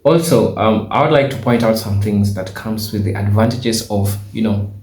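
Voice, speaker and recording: A man from Kenya talks through a reaction commentary with a fairly low voice, pausing often on fillers as he asks questions. His voice bounces around an echoey room. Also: darkish tone, slight background noise. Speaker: host.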